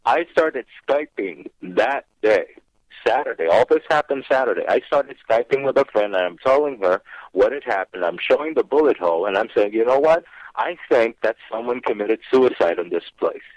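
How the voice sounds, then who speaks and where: Over a dull, dry phone line, a man calls in to a paranormal radio show to share his own ghost story, acting out his own remarks as he goes. His mid-range voice has lively intonation and a normal speed, with no echo.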